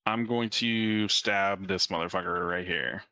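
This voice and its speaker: A man's voice: low voice, a little slow, gravelly, pushed and bright, no echo. A man playing in a tabletop game, casual and a little unsure about the rules. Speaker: player.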